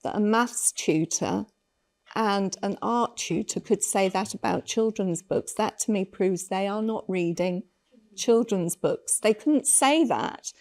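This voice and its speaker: Speaking at a panel talk on children's literature, this woman shares stories earnestly and reflectively. She has a medium-pitched, darkish voice and speaks slowly.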